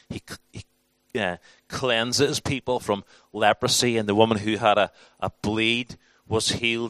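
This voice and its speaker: A man's voice: on the low side, a bit bright, no echo. A man teaching a church class in a conversational, informal sermon style, with frequent restarts and acted-out quotes.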